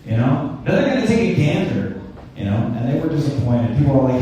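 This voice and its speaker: A man's voice: mid-range voice, very animated, a little fast, mellow. Self-mocking young male stand-up comic, echoey. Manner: rambling, self-deprecating, with stammered restarts. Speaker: stand-up comedian. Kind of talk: stand-up comedy set. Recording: echoey room, mic heard from a distance.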